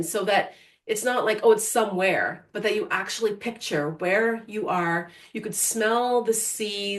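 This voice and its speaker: A middle-aged woman, a guest coach, talking in an animated, storytelling way during an interview. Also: medium pitch. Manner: animated, storytelling, frequent restarts. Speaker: guest, vision board coach. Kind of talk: conversational interview.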